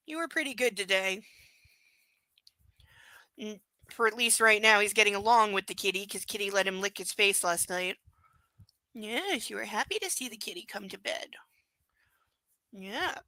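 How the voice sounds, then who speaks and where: A woman's voice: mid-range voice, lively intonation, moderate pace, long pauses, bright, forceful tone, dry recording, poor audio. A woman live-streaming a book reading at home, mixing blunt, sarcastic commentary with cooing baby talk to her dog.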